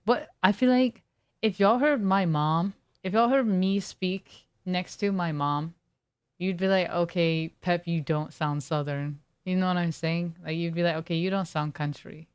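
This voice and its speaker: A woman's voice: on the low side, unhurried, clear, resonant tone. A woman streamer chatting casually with her viewers, reading chat aloud and riffing on it in a laid-back way.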